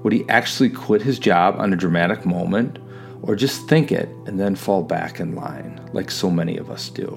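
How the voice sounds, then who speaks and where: A man hosting and narrating a scripted introduction in a measured way, citing study statistics. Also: low voice, gravelly, faint music behind. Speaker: host.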